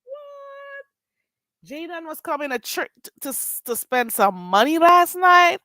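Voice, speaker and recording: A woman's voice: high voice, moderate pace, no echo. A woman with a Jamaican accent hosting a casual livestream, reading chat comments aloud and exclaiming. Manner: animated, laughing, exclaiming at chat. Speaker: livestream host.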